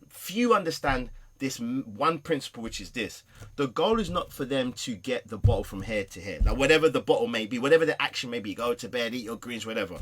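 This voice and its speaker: A man, a guest in a casual talk, lays out his ideas emphatically. His husky voice is bright and sharp in tone, and his pitch rises and falls a lot. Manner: emphatic, explanatory. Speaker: guest, parenting consultant. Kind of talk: casual conversation.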